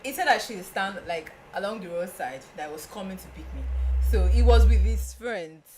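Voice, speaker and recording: A young woman with a Nigerian accent, a podcast guest telling a story in casual chat, animated and often laughing. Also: moderate pace, a little hiss or hum. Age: young adult. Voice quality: laughing, animated, breaks into high squeals.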